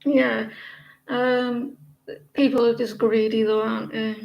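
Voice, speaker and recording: A British woman chatting loosely to her viewers on a livestream. Her voice sits a little high and has a gravelly, creaky edge. She rambles, trails off and restarts often, with plenty of fillers. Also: level tone, takes it slowly, muffled recording. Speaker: tarot livestream host. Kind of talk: casual livestream chat with viewers.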